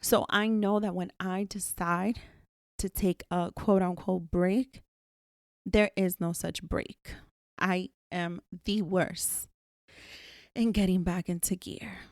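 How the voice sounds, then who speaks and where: Female podcast host, solo, frank and emphatic, low gravelly voice, dry sound. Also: fairly even intonation, slow pace, darkish tone, no echo. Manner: candid, emphatic, swears freely.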